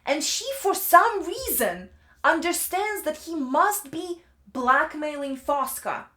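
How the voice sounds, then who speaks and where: A woman's voice: high voice, expressive, takes it slowly, bright, forceful tone, reverberant. A woman giving a casual, ranting book review, chatty and exasperated, leaning on "like" a lot. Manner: exasperated, chatty, fills speech with "like".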